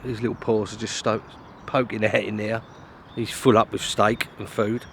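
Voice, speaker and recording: This British angler's voice is lowish and a bit bright, with a level tone and moderate pace over faint background noise. He vlogs casually to camera at a lake in the wind and rain, chatting, teasing himself, and grumbling along the way.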